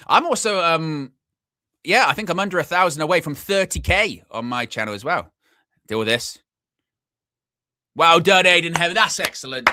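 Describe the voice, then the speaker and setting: Excitable man hosting a football watchalong. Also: medium pitch, dry recording, clean studio sound. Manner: chatty, excitable, shouts at goals. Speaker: fan watchalong host. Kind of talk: live football watchalong commentary.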